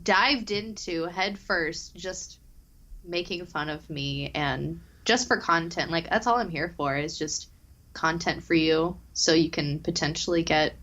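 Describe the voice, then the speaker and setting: A woman's voice: on the low side, a little slow, a bit bright, lo-fi sound. Self-mocking female podcast co-host. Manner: self-mocking, acts out anecdotes. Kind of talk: casual chat.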